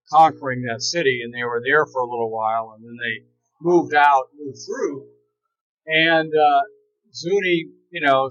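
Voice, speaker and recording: A man telling local history in a relaxed, plain-spoken way, outdoors. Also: medium pitch, dull audio. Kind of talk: casual storytelling.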